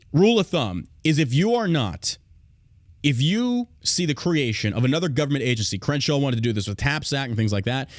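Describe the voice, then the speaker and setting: A man hosting a podcast rants with heat and plenty of profanity, calling out to his listeners as he goes. His voice sits a bit high for a man and swings widely up and down. The sound is dry and close. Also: no echo. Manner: heated, profane, emphatic; addresses listeners directly. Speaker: podcast host. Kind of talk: angry podcast rant.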